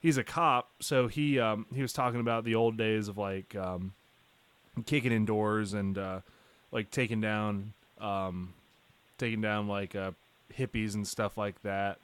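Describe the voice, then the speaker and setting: A man's voice: on the low side, steady tone, unhurried, smooth. A man hosting a podcast in casual chat, talking loosely and easily. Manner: laid-back, loose, lots of fillers. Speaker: podcast host.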